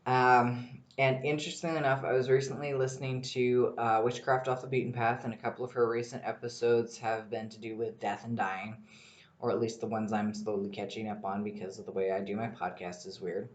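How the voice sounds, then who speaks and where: A man hosting a casual solo podcast, rambling and excitable, swearing freely as he talks. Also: mid-range voice, fairly quick, lo-fi sound. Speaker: podcast host. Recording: echoey room.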